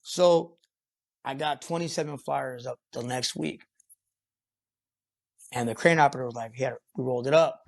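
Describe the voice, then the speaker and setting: A construction foreman guesting on a podcast, talking in a loose, rambling way. He peppers his talk with swearing and fillers and keeps it casual, his voice sitting at an ordinary middle pitch for a man. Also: moderate pace, creaky, pauses often. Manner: rambling, profane, filler-heavy. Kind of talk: casual storytelling interview.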